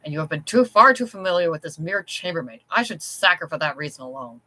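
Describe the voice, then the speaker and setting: Reader doing a cold, curt master of the house, bright tone, storybook. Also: medium pitch, expressive, fast, rough recording. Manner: curt and icy. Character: cold domineering wealthy man, master of the house.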